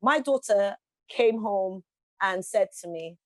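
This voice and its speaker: A woman's voice: medium pitch, takes it slowly, dry recording. A woman, a guest in an interview, speaking passionately with emphatic rhetorical questions. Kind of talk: passionate conversational speech.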